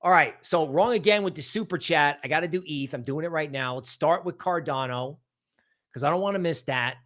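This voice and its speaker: A man hosting a casual crypto market stream, talking in an animated, rambling way full of asides. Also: on the high side, a little fast. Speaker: crypto market show host.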